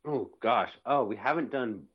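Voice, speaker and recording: A man's voice: medium pitch, lively intonation, normal speed, slightly rough, highs cut off. A man co-hosting a podcast in casual chat, joking and laid-back. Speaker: podcast co-host.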